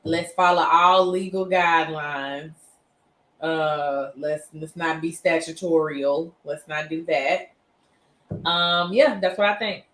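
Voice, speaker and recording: A woman's voice: deep voice, fairly even intonation, slow pace, a bit bright. Wry woman co-host in an echoey room. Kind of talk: casual chat.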